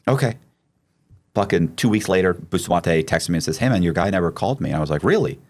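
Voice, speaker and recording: A man hosting a podcast, telling a long story in a loose, profane, animated way with many restarts. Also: low-pitched, quick pace. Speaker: podcast host. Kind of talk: casual storytelling.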